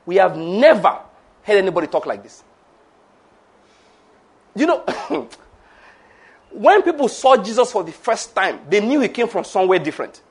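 A man's voice: high voice, sing-song, normal speed, pauses often, slightly rough. A middle-aged man preaching a sermon in a church, emphatic and full of rhetorical questions. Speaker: pastor.

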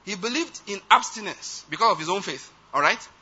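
A man's voice: sits high, expressive, a little fast, sharp tone, breathy edge. A man preaching a sermon, emphatic and often checking that his listeners follow. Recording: dull lo-fi recording.

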